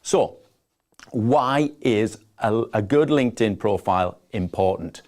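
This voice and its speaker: A man's voice: on the low side, animated, slow, a little mellow. A man with a northeast English accent hosting a live business webinar, chatty and enthusiastic as he greets viewers and presents. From northeast England. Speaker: webinar host. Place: home office.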